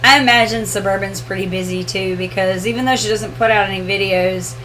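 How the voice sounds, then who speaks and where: A woman co-hosting a casual live question-and-answer chat, easygoing and quick to laugh. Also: mid-range voice, fairly even intonation, a bit bright, a little hiss or hum. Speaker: co-host of homestead channel.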